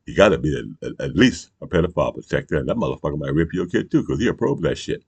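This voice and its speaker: A man's voice: a bass voice, big pitch swings, fast talker, gravelly, hardly any pauses, darkish tone, husky, dry recording, highs cut off. A man hosting his own channel, delivering a heated, profane political commentary rant peppered with "you know.". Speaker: channel host. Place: Michigan.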